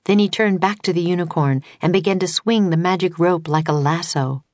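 A woman reading a children's storybook as an audiobook, in calm, even narration. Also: lowish voice, fairly quick, dry recording. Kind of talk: scripted narration.

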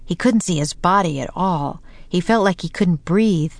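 A woman narrating a children's storybook in a calm, measured way, slowing for suspense. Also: lowish voice, no echo. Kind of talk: storybook reading.

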